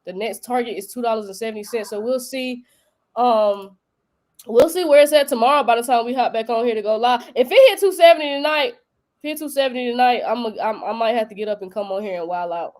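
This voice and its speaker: A woman's voice: on the high side, quick pace, darkish tone. A young woman from North Carolina with a local accent, hosting a casual crypto live stream in a joking, slangy way. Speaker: crypto show host.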